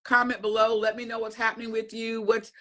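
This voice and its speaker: Bright-voiced chatty woman vlogger. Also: on the high side, flat delivery, brisk. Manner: chatty storyteller who often repeats herself; casual, folksy phrasing. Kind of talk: casual chat to camera.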